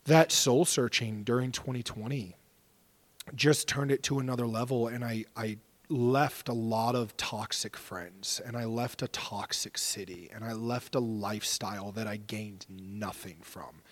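A man's voice: lowish voice, fairly even intonation, measured pace. A man in his thirties telling stories as a podcast guest, earnest and openly emotional, swearing casually. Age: 30s. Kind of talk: casual storytelling interview.

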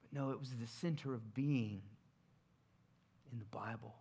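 A man preaching a sermon in a conversational way, moving between emphatic points and quiet, hushed passages. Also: mid-range voice, a little slow, husky.

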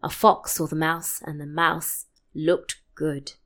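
A woman reading a children's picture book aloud as a narrator with a put-on British accent, slow and measured. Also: deep voice, flat delivery, fairly bright tone, full character voice. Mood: storytelling. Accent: British English, put on. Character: adult female British storybook narrator.

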